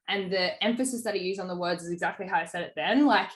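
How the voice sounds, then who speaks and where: A woman's voice: medium pitch, fairly even intonation, brisk, echoey room. A woman business coach talking through a sales call in a casual, chatty way, full of fillers. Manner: chatty, filler-heavy, acts out client quotes.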